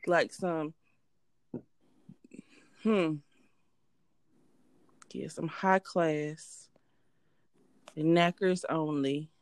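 A woman's voice: low-pitched, a bit bright, dry recording. A young woman co-hosting a casual podcast, talking bluntly with profane jokes. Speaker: podcast co-host.

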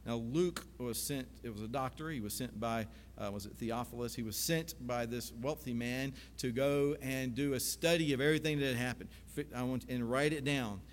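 A man's voice: mid-range voice, moderate pace, hardly any pauses, slight background noise. Male pastor, conversational sermon delivery that swells to emphatic proclamation; long hall reverb. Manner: conversational teaching, rising to emphatic proclamation on quoted scripture.

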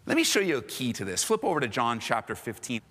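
A man pastor preaching an animated, emphatic sermon, repeating phrases and slipping casual slang into his teaching. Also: mid-range voice, quick pace, breathy edge, in a large hall. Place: church.

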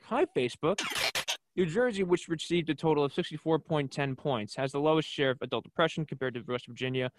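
An upbeat young man chats on a college radio broadcast in a fairly high voice, cheerful and rambling, restarting his sentences as he goes. The sound is dry and close, with no room around it. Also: no echo. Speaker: radio show guest. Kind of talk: casual radio chat.

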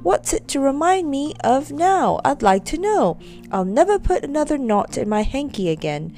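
A woman's voice: sits high, sing-song, normal speed, mellow, soft background music, voice pushed up. A woman voicing a fussy, forgetful old husband who frets and exclaims. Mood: grumbling. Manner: fretful, exclaiming.

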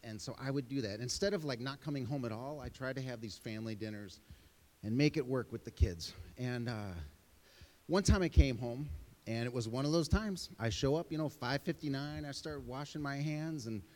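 A man's voice: mid-range voice, moderate pace, a little mellow. Pastor man in his middle years, preaching in a big echoey hall, tells stories, pokes fun at himself. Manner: storytelling, self-deprecating asides. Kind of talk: sermon.

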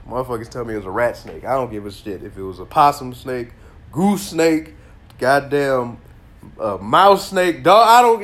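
Solo podcast host, male, stuffy nose, loose profane storyteller who gets loud when excited. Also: mid-range voice. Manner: animated storytelling, slangy and profane, bursts of laughter. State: congested. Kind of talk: casual solo podcast monologue.

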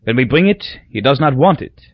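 A man's voice: medium pitch, lively intonation, fairly quick, dry recording, lightly acted. A man voicing a weary, blunt male doctor. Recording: dull dry lo-fi recording.

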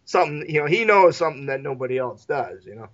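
Animated man acting out movie scenes. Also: on the high side, fast, muffled recording. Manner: animated, acts out characters in quoted voices, swears freely. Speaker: podcast co-host. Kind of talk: casual movie discussion.

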